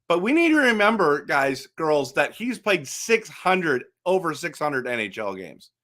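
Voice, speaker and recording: Middle-aged male vlog host, slightly higher voice, chatty and animated, addresses viewers directly, loose and repetitive delivery. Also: a little slow. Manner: frequent repetitions and restarts. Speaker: hockey fan channel host. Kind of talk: casual fan commentary vlog.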